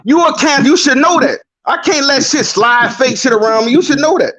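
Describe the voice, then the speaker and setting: A man with a bright, fairly high voice, calling into a live stream. He talks bluntly in street slang. His manner is laid-back but firm. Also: fairly quick. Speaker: caller. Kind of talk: casual chat.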